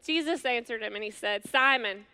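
A middle-aged woman preaching a sermon to women, earnest and conversational, with slow, emphatic pauses. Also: on the high side, pushed and bright. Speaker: women's ministry speaker.

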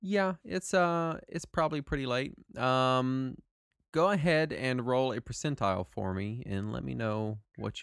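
A man running a tabletop game as game master, narrating in a relaxed way with plenty of fillers and easy laughter. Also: medium pitch, unhurried, creaky, clean tone, no echo, clean studio sound.

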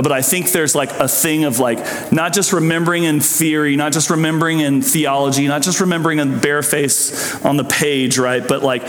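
A man preaching a sermon as pastor, conversational and animated, often restarting and throwing in asides. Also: medium pitch. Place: church sanctuary. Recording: echoey hall.

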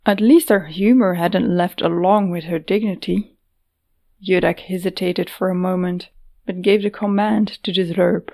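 Woman reading a fantasy audiobook, slow, gravelly, steady. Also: on the low side. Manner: measured, steady storytelling. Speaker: narrator. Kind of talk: audiobook narration.

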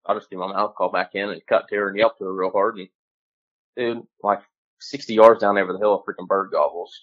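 A man guest telling a lively hunting story, casual and profane, with lots of fillers. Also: lowish voice, brisk, muffled recording. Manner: animated, swears casually, many fillers. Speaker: guest hunter.

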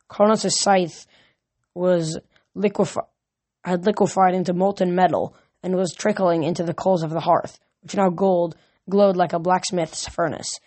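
A woman's voice: fairly low pitch, a little mellow. Woman reading a novel aloud. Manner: earnest, stumbles and corrects words. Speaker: reader.

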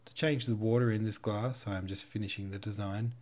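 A man's voice: on the low side, fairly even intonation, a little fast, a little mellow, natural voice. A man voicing a timid young woman. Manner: hesitant, timid.

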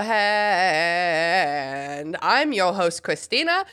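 A woman's voice: medium pitch, very animated, slow, a bit bright, faint music behind. A sick, congested woman in her forties hosting a casual podcast in a put-on little-kid voice, with a Boston accent. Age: 40s. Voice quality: nasal, congested. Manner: talking in a put-on baby-talk voice. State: sick and stuffed up. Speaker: podcast host.

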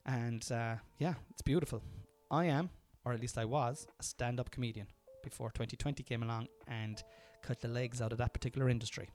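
A man's voice: medium pitch, steady tone, a little fast, hardly any pauses, a little mellow, soft background music. A man in his thirties with an Irish accent, hosting a casual podcast, self-mocking and restarting his lines often. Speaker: podcast host. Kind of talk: casual chat, joking. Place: kitchen, then parked car.

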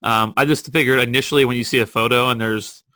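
A woman host with an unusually low voice chats with her guests, answering with quick exclamations and follow-up questions. Her voice sounds dry and close to the mic, with no room around it. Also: steady tone, bright, forceful tone, dry recording. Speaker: podcast host. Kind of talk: casual interview chat.

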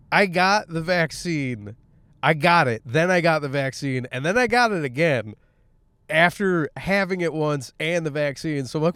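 A man hosting a podcast, ranting casually and sarcastically, swearing often and acting out quick voices as he rambles. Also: a little high, smooth. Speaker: podcast host. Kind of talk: casual comedic rant.

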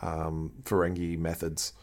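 A man co-hosting a podcast in relaxed casual chat, recapping an episode with plenty of fillers. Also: rumbling low, unhurried. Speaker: podcast co-host.

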